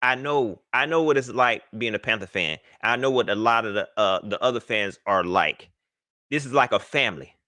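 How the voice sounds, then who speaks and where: A man hosting a casual live sports talk stream, animated and shouting out viewers by name. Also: medium pitch, dry recording, clean studio sound. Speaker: livestream host.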